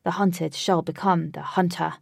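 A woman's voice: lowish voice, steady tone, moderate pace, creaky, no echo, studio quality. A woman doing a cocky boastful warrior lad. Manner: commanding, boastful declarations. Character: boastful young male warrior leader, bossy and cocky.

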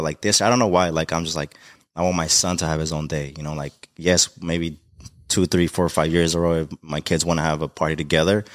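A man's voice: a bass voice, no echo, studio quality. A young man from Mexico, a podcast guest, talking in a heartfelt, rambling way with many fillers about being a dad. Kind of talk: emotional casual conversation.

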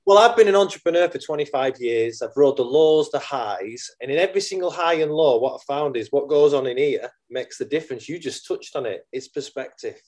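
A middle-aged man with a British accent, speaking at an even middle pitch. He guests on a podcast as a mindset coach and talks in a positive, earnest, motivational way. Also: fairly quick, few pauses. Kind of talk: casual interview chat.

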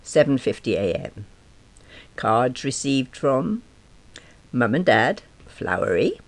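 A woman's voice: rumbling low, takes it slowly. Wry woman reading her diary story. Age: around 50. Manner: wry, self-deprecating and expressive. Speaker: narrator. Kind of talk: first-person diary-style story reading.

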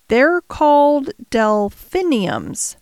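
A woman's voice: high-pitched, sing-song, extremely slow, a little mellow, no echo, pitched above the performer's own voice, exaggerated voice. A woman voicing a spoiled, commanding young boy in an audiobook reading. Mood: imperious. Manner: commanding, grand.

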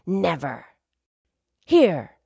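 A woman voicing a boastful swindling man who blusters loudly and indignantly. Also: mid-range voice, expressive, slow pace, dry recording, clean studio sound.

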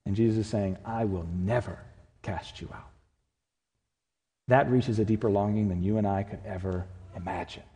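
A man preaching a sermon as pastor, earnest, swinging from loud to hushed. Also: on the low side. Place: church sanctuary. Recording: long reverb of a church hall.

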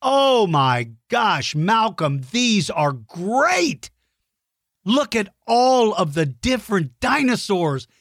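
A middle-aged man hosting a kids' podcast, praising listeners' drawings with animated, playful mock outrage. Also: sits high, slow, dry recording, studio quality. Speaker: podcast host giving shout-outs to young listeners. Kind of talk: warm kids' podcast chat.

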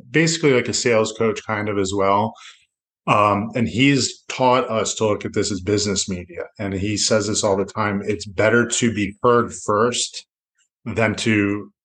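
A man's voice: on the low side, fairly bright tone. A middle-aged man from South Florida, a loan officer talking as a podcast guest in a reflective, rambling way with many restarts. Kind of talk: casual interview talk.

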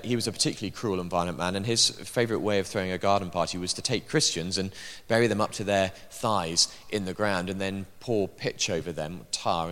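A man's voice: low voice, fairly bright tone. Male preacher, emphatic sermon delivery, dry asides, long hall echo.

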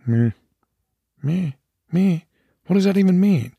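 A man's voice: high voice, expressive, slow pace, creaky, breathy edge, no echo, dull audio, pitched above the performer's own voice, exaggerated voice. A man doing a sassy Southern tomcat. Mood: indignant. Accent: Southern US, like a sheriff. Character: sassy big orange male tomcat, unafraid.

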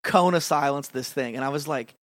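A man in his twenties telling a story in casual chat, animated and full of fillers. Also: medium pitch, a little fast, no room sound. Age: 20s.

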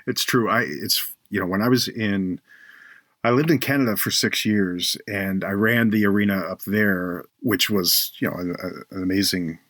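A man hosting a faith podcast, telling a personal story earnestly and slowing down for emphasis. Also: on the low side, a bit bright, no room sound, studio quality.

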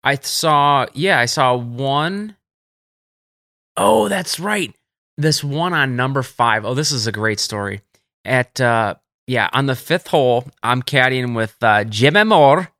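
A man co-hosting a casual podcast, telling stories with lively energy and jumping up in pitch whenever he quotes someone. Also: slow pace, dry recording, clean studio sound. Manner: animated storyteller, jumps up in pitch for quotes. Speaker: caddie podcast co-host. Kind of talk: casual storytelling chat.

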